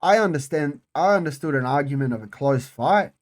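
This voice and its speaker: A man hosting his own fight-sports channel, talking casually and excitedly, swearing often and repeating phrases for emphasis. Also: a little high, brisk. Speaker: MMA channel host. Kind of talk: casual solo commentary.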